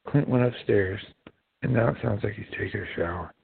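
A man's voice: on the low side, a little fast, gravelly, husky, no echo. A man from Ohio hosting a casual internet radio show, rambling and hesitant with many fillers. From Ohio, USA. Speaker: host. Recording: dry tinny phone-line audio.

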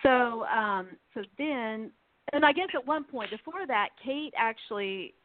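A woman's voice: on the high side, lively intonation, unhurried, no room sound. A woman hosting a casual talk show, chatting in a rambling way with lots of fillers and restarts as she recaps a soap opera. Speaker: podcast host. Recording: tinny phone line.

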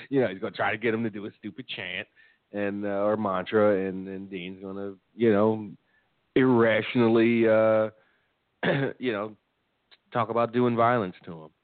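A man co-hosting a podcast in casual chat, swearing freely and mocking with quick asides. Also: fairly low pitch, little pitch movement, dry recording. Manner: profane, laughing, mocking asides. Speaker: podcast co-host. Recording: tinny phone-like line, dry.

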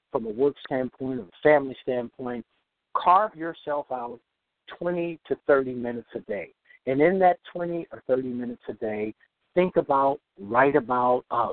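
Motivational podcast guy, gravelly, super animated, repeats stuff slow, thin phone-ish sound. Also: a little high, no room sound. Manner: emphatic, repeats key phrases slowly for note-taking. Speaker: podcast host and self-improvement speaker. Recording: tinny phone-like recording.

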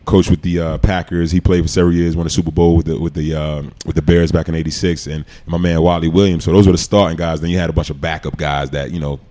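A man, telling stories as a guest in a casual interview, animated and laughing often. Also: sits low, quick pace, few pauses. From New York City. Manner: animated storyteller, laughs often, acts out quotes. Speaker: podcast guest, former football player.

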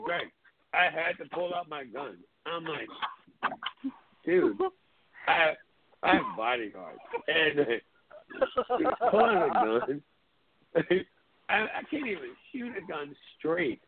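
A man hosting a call-in tribute show, telling stories in a casual, animated way, swearing often and acting out his friends' lines. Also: a little high, measured pace, long pauses. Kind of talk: casual storytelling chat. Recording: phone-line audio with hiss.

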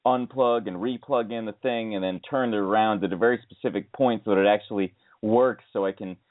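A man's voice: fairly even intonation, fairly quick. A man co-hosting a casual talk show, telling rambling stories with many restarts and exasperated outbursts, speaking into earbud headphones. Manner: rambling storyteller, many restarts, rising to high exasperated pitch. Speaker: radio co-host. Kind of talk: casual podcast chat. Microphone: iPhone earbud headset mic. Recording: tinny phone-like dry sound.

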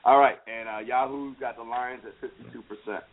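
A man hosting a casual sports talk show, animated and teasing, speaking with emphasis. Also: mid-range voice, fairly quick. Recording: phone-like lo-fi line.

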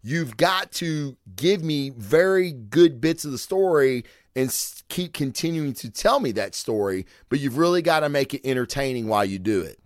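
A man's voice: medium pitch, lively intonation, normal speed, hardly any pauses, dry recording, clean studio sound. A man casually reviewing comic books, cursing freely and rambling with lots of fillers. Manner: profane, chatty, rambling with fillers. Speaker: comic book show host.

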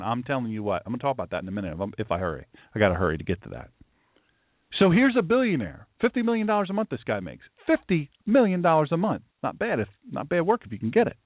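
A man's voice: on the high side, no echo. A man hosting a political talk show as a pastor, ranting emphatically and telling stories. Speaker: host, pastor. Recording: tinny phone-like line, dry.

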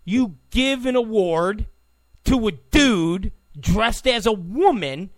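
A man's voice: high-pitched, expressive, slow pace, no echo. A man hosting a political talk show, delivering an opinionated, sarcastic monologue full of stammering restarts.

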